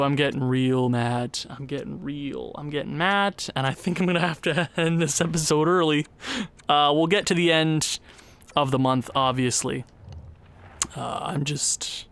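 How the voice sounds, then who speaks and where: A young man commenting on his own gameplay, sighing and exasperated, his voice jumping high when frustrated. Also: a bit bright, clean tone. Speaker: gaming YouTuber.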